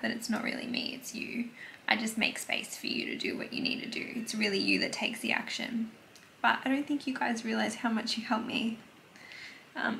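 A woman's voice: on the high side, vocal fry, fairly bright tone, slight background noise. A young woman in her twenties, vlogging casually at home into a phone camera, chatty and confiding, swearing now and then. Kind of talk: casual vlog chat to camera.

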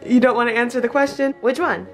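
Twenties woman vlogger, bright playful mom voice, coaxing and giggly, soft music bed. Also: on the high side, fairly even intonation, fast. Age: 20s. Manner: sing-song, coaxing, often laughing. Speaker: vlogger interviewing her toddler. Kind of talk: playful casual chat.

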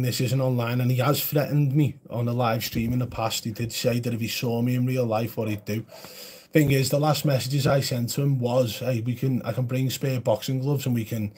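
A man's voice: mid-range voice, steady tone, normal speed, a little mellow, breathy edge. A man chatting casually on a live stream, answering viewer comments in a blunt, chatty way.

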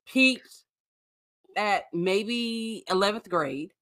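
A woman's voice: medium pitch, extremely slow, a bit bright. A woman guest on a podcast, chatting casually with blunt, sarcastic commentary. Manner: blunt, sarcastic trash-talk. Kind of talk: casual recap chat.

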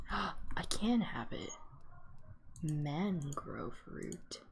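A woman streamer giving live gameplay commentary, excitable and gasping as she talks to herself and her chat. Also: low-pitched, very slow, vocal fry, slight background noise.

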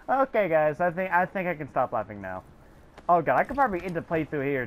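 A young woman commenting on a video game, giggly and excitable, reading in-game text aloud. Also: low voice, fast talker. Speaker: game streamer. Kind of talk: casual gameplay commentary.

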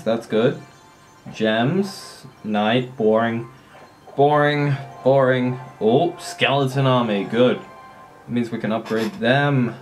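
A mid-range male voice gives casual, excitable commentary while playing a mobile strategy game. He swears often and laughs at his own play.

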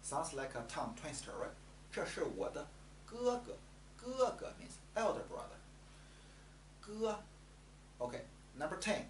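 Chinese tutor, pronunciation lesson, slow, repeats sounds, roomy echo. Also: mid-range voice, very animated. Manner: slow, repeats each sound for learners to copy. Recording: echoey room with faint hum.

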